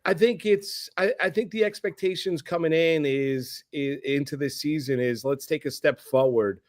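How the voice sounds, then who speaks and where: A man with a New York accent, a sports anchor guesting on a casual sports chat, talking in an animated way with quick restarts. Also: a little high, no echo, studio quality.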